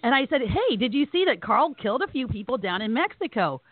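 Animated woman co-host, high-ish voice, dry phone-like recording. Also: brisk, dry recording. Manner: animated storyteller, laughs often. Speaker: podcast co-host. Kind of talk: casual chat. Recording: dry, tinny phone-like audio.

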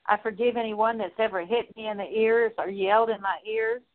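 A woman leading a spoken prayer of repentance, earnest and steady, working through a long list with frequent small fillers. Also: mid-range voice, brisk. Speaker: prayer minister. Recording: tinny phone-like line.

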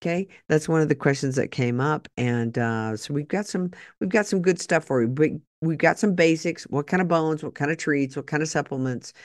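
A woman's voice: low voice, fairly quick, few pauses, no room sound, clean studio sound. A woman hosting a podcast in a casual, chatty monologue with jokey asides. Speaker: podcast host.

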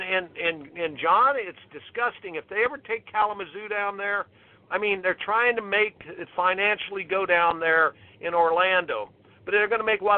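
A male tennis coach, a guest, talking with emphatic indignation and repeating himself as he makes his points. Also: high-pitched. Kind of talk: impassioned interview talk. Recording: tinny phone line.

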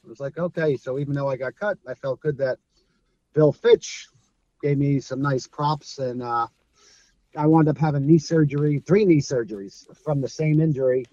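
A man's voice: fairly high pitch, normal speed, dry recording, muffled recording. A middle-aged man from Brooklyn with a New York accent, telling stories as an interview guest and acting out the people in them. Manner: animated storyteller, acts out quoted voices, laughs often. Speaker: guest, former streetball player. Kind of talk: casual storytelling interview.

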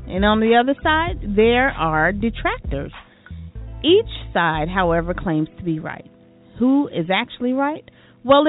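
A woman co-hosting a gospel radio talk show, matter-of-fact and teasing, also reading news items. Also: medium pitch. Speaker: radio co-host. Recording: tinny phone-like broadcast audio.

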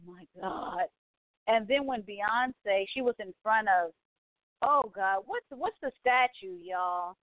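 Excitable woman in her forties, phone-like sound. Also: on the high side, dry recording. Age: 40s. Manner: excitable and gushing, frequent exclamations. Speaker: podcast host. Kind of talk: casual chat. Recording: tinny phone-like line, dry.

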